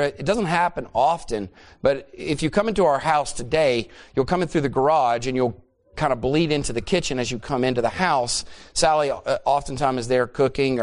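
Emphatic middle-aged male preacher. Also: medium pitch. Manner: emphatic, repeats phrases for emphasis. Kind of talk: sermon.

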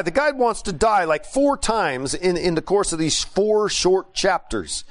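Animated preacher, man, slightly high voice. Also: moderate pace, few pauses. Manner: animated, acts out quotes, many restarts and fillers. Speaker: preacher, missionary. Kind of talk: sermon with storytelling.

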